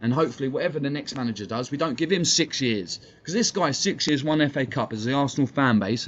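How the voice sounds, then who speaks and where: The speaker is an English man on a live fan stream, ranting hotly with blunt swearing and a combative edge. He has a mid-range voice with lively intonation, talking fast with few pauses. Recording quality is dull and lo-fi, with faint background noise.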